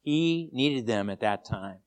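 Speaking slowly at a medium pitch, a man preaches as a pastor with emphasis and animation. He tends to repeat words when starting sentences.

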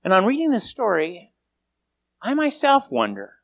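Animated preacher telling a story. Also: medium pitch, moderate pace. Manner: animated storytelling, repeats words when starting lines. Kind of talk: sermon.

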